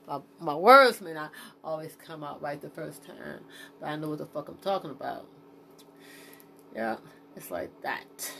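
A woman's voice: low-pitched, measured pace, long pauses, fairly bright tone, slight background noise. A woman podcasting alone, talking off the cuff in a rambling, frank and profane way, with many fillers and restarts, stopping to check her notes. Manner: talks to herself while checking her notes. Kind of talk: unscripted solo podcast monologue.

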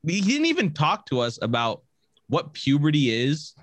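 Lively, profane young man telling stories. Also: on the high side, normal speed, no room sound. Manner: rambling, profane, laughing storytelling with many restarts. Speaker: storyteller. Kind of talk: casual chat.

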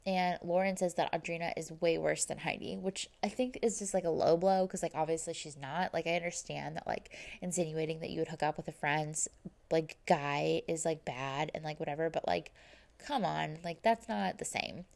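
A woman's voice: low voice, moderate pace, vocal fry, a little mellow. Rambling young woman recapping TV. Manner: rambling, says "like" constantly, quotes people in retelling. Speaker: reality TV recap host. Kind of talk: casual chat.

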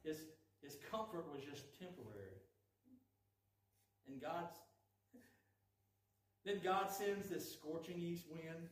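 A man's voice: on the high side, slow, pauses often. A man preaching a folksy, conversational sermon, retelling a story and acting out the lines of the people in it. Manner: folksy and animated, acts out quoted lines. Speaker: preacher teaching a Bible study. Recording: echoey room, voice from a distance.

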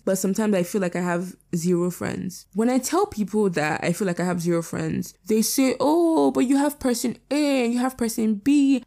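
Fast-talking candid teen girl. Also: mid-range voice, warm tone. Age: late teens. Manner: candid, rapid, repeats herself for emphasis. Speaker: podcast host. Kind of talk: casual monologue.

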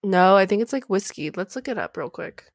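A woman's voice: mid-range voice, expressive, a little fast, no room sound, clean studio sound. A young adult woman co-hosting a podcast in casual chat, blunt and emphatic with a lot of swearing. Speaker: podcast co-host.

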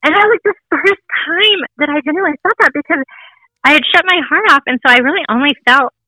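A woman's voice: high voice, quick pace, bright, forceful tone, no echo, rough recording. A woman in her thirties, a guest sharing a candid personal story, laughing often and acting out voices in her quotes. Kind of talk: personal testimony interview.

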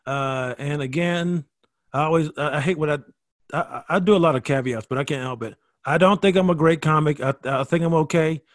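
A man, a stand-up comedian, telling stories in a casual podcast chat, animated, swearing freely and restarting his sentences. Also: on the high side, brisk, no echo, studio quality. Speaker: guest comedian.

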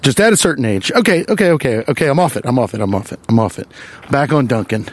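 A man's voice: medium pitch, fast talker. A man hosting a podcast, delivering a profane, exasperated comic rant while walking along a wooded trail. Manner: animated, profane, exasperated ranting. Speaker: podcast host.

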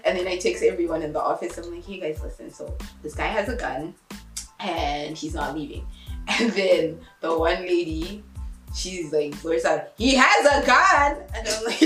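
In an echoey room with soft music playing, a young woman casually tells a story at normal speed. She animates it by imitating each person with big pitch jumps, laughing as she goes.

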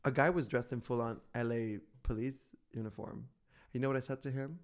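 A man with a voice of middling pitch co-hosts a podcast. He talks casually and tells stories with campy flair, animated and quick to laugh. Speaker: podcast co-host. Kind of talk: casual chat.

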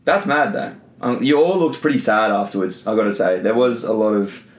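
A man's voice: lowish voice, animated, echoey room. A young man co-hosting a casual chat, blunt and full of swearing. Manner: blunt, swears a lot, quick reactions. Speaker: podcast co-host.

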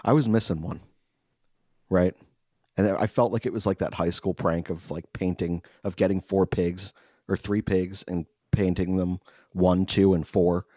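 A man telling a self-mocking comic story in casual chat, animated and swearing freely. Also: sits low, a little slow, no room sound, highs cut off.

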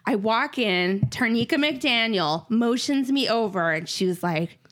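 A woman's voice: fairly high pitch, expressive, measured pace, fairly bright tone. A woman in casual chat who reacts readily and laughs often as she listens and tells her own story.

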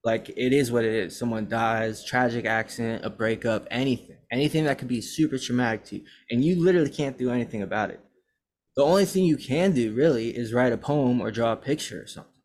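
A young man who hosts a podcast and raps, chatting casually and telling animated, profane stories. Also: medium pitch, fast talker. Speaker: podcast host and rapper. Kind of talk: casual chat.

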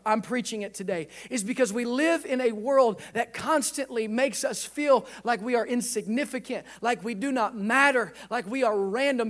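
A man in his thirties preaching a sermon in church, building to impassioned, louder climaxes. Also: very high voice. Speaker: pastor. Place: church sanctuary.

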